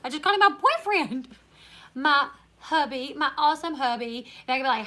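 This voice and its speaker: A woman with a country Northern Louisiana accent hosts a casual live stream, chatting easily and reading out viewer comments as they come in. Her voice sits high and bright. She sounds a little tired. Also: expressive, fairly quick. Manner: chatty, reads viewer comments aloud, laughs often. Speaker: YouTuber live-stream host.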